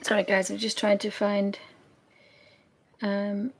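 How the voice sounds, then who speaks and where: A woman's voice: medium pitch, completely flat delivery, measured pace, pauses often, husky. A woman with a Yorkshire accent chatting casually to camera as a craft vlogger, rambling and trailing off mid-sentence.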